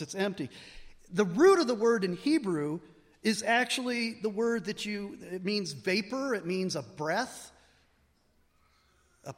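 Man preacher with a high voice, expository sermon, rhetorical questions, heard in a reverberant hall. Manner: explains word meanings with rhetorical questions.

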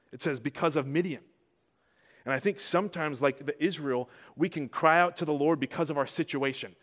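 A male pastor preaching a casual, conversational sermon, asking rhetorical questions and getting louder to stress his points. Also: a little high, normal speed. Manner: rises in volume when stressing points.

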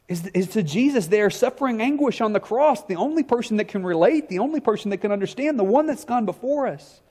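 A middle-aged man preaching a sermon with passion, often repeating words and restarting. He swings from raised, emphatic lines to a soft, low, close delivery. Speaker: pastor.

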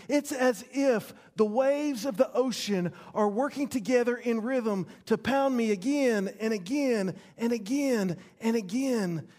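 A man preaching a sermon as pastor, dramatic, repeating words and swinging between loud passages and hushed ones. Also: very high voice, normal speed, few pauses.

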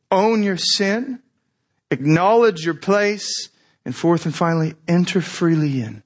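A man preaching a sermon as pastor, conversational and animated, often asking rhetorical questions. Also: a little high, slow pace.

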